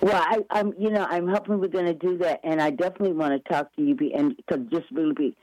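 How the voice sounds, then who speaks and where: A man's voice: on the high side, steady tone, quick pace, darkish tone, no echo, rough recording. A man chatting eagerly as an interview guest, rambling with many restarts and self-corrections. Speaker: guest promoting upcoming events. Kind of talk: casual radio interview chat.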